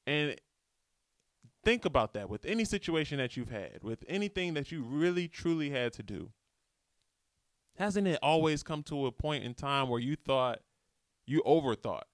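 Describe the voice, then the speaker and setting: A man's voice: mid-range voice, expressive, a little slow, no echo, studio quality. A young man hosting a casual motivational podcast alone, talking in a laid-back, slangy way into a microphone. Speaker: podcast host. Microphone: studio microphone.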